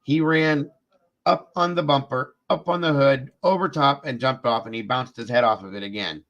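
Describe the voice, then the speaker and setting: A man's voice: mid-range voice, moderate pace, a bit bright, lo-fi sound. A man hosting a live true-crime show, telling a long personal story in a casual, rambling way, repeating himself and speaking to his viewers. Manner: speaks directly to viewers in chat.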